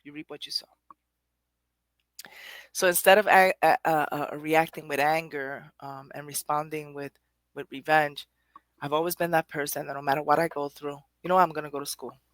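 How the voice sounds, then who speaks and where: A woman's voice: low voice, fairly even intonation, normal speed, dry recording. A woman hosting a poetry show, giving a rambling, conversational motivational talk straight to her audience with frequent laughter. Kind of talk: motivational monologue.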